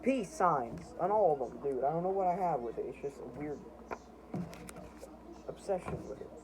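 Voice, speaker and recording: Young amateur comic artist, loose self-mocking ramble, steady hiss behind him. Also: male voice, fairly high pitch, normal speed. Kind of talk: casual show-and-tell narration. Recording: noisy home recording.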